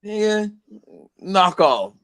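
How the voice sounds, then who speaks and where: A man's voice: high-pitched, sing-song, extremely slow, a bit bright. A man from Seattle, host of the show, telling stories in a casual chat, full of laughter and profane slang.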